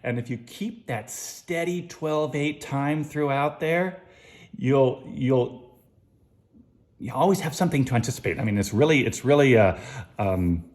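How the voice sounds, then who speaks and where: A man's voice: mid-range voice, animated, a little slow, a little mellow. Man teaching music, counting beats aloud. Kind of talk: casual music lesson.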